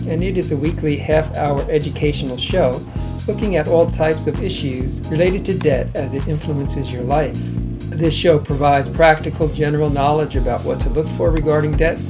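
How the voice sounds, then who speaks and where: A man hosting a community radio show, reading a news article aloud in a measured, formal way. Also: fairly high pitch, warm tone. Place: radio studio.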